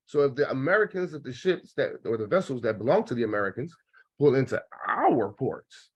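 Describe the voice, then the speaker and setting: A man's voice: mid-range voice, very animated, a little fast, breathy edge. A man hosting a group discussion over a call, handing the floor to others and breaking down each passage. His voice sits in a middle range and comes through dull and lo-fi. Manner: leads the floor, calls on speakers. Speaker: host.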